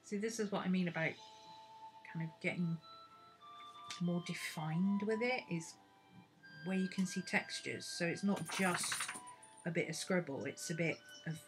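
A woman's voice: fairly low pitch, measured pace, pauses often. A woman, chatting and thinking aloud as she teaches a drawing lesson. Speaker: art teacher. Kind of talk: casual drawing tutorial. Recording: music playing under the voice.

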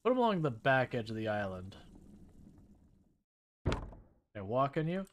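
A man's voice: mid-range voice, moderate pace, slight background noise. A man streaming a game, chatting casually and wryly while he plays and thinks aloud. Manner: relaxed, wry, thinks aloud while playing. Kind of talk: casual gameplay chat.

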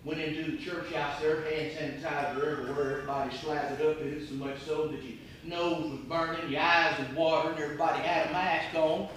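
Evangelist, man, high and cutting delivery, hushed-to-shouting sermon, recorded live in a roomy church. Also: fairly even intonation, brisk, hardly any pauses, slight background noise. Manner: impassioned, rhetorical questions, swings from hushed to near-shouting. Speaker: evangelist preacher. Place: church auditorium. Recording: echoey church room with faint ambience.

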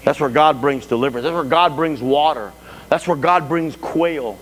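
A man preaching a sermon as pastor to a live congregation, talking in an animated way with frequent restarts. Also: on the high side, normal speed. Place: church sanctuary before a congregation. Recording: echoey church hall with faint hum.

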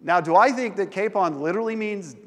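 A man delivers a sermon from the pulpit, talking easily and animatedly with his congregation. His voice sits high for a man. A long reverb trails his words through the large church sanctuary. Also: a little fast. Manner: conversational, animated preacher who involves the congregation. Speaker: pastor.

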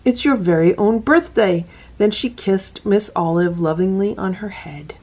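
A woman reading a children's picture book aloud to her cats, gentle and sing-song, breaking off to point at the pictures. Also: medium pitch, unhurried. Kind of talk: storybook read-aloud with asides.

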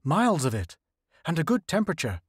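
A man playing a jumpy young spaceman in an audiobook, his lines pitched higher than the narration and thrown out in urgent bursts. The delivery is dry and close. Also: wildly swooping pitch, a little fast, husky, no echo, exaggerated voice. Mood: hopeful. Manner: raised, urgent exclamations.

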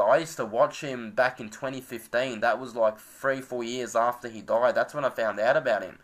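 A man's voice: mid-range voice, fairly bright tone. A young man rambling in a mournful, profane reaction vlog. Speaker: vlogger.

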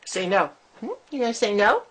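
A woman's voice: mid-range voice, animated, a little fast. A woman at home coaxing her pet in sing-song baby talk, with frequent gasps and laughs. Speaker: pet owner talking to her bird. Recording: noisy home camera recording.

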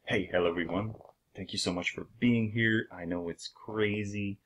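A man's voice: on the low side, steady tone, normal speed. A man with a French accent, hosting his channel in a casual explanatory monologue, hesitant with many fillers and an uneven pace. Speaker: channel host.

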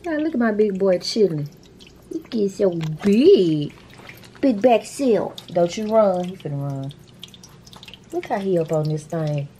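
A middle-aged woman vlogging in a chatty, animated way and talking straight to her viewers. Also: medium pitch, moderate pace, a little hiss or hum. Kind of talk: casual chatty vlog.

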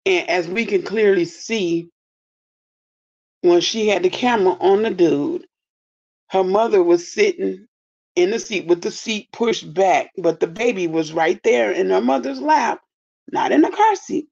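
A woman's voice: mid-range voice, unhurried, creaky, darkish tone. A woman in her fifties giving blunt, indignant casual commentary to her viewers. She swears freely. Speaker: commentary vlogger. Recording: dull lo-fi audio.

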